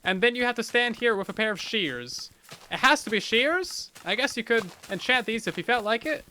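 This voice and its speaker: A man's voice: very high-pitched, lively intonation, normal speed, bright, forceful tone, slight background noise. A man hosting a game let's play, talking in upbeat, chatty commentary with dry sarcastic jokes. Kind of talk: casual gameplay commentary.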